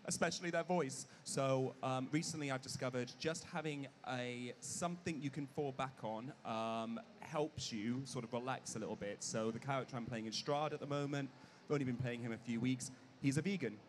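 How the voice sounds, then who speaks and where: Man, panelist, relaxed anecdotal talk, medium pitch, faint noise. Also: normal speed. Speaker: panelist and player. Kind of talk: live convention panel talk. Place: on stage at a comic convention panel.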